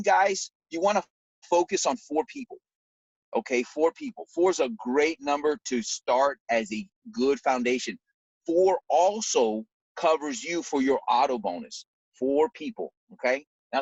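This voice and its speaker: A man's voice: fairly high pitch, moderate pace, gravelly, slightly rough, no room sound. A man giving a motivational network-marketing pep talk, repeating his points with lots of energy. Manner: animated, repetitive, pep-talk delivery. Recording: dull lo-fi recording.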